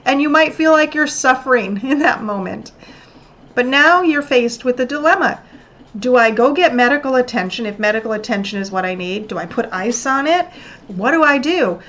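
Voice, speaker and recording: Brief: woman host, self-help tips, earnest coaching delivery, somewhat high voice. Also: lively intonation, moderate pace, a bit bright. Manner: earnest, coaching tone with acted-out examples. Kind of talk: motivational self-help talk.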